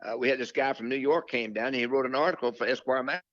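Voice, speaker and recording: A man's voice: mid-range voice, racing, fairly bright tone, no echo. An older man telling stories as an interview guest, rambling with fillers and restarts and quoting his own thoughts. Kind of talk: casual storytelling interview. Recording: dull lo-fi dry sound.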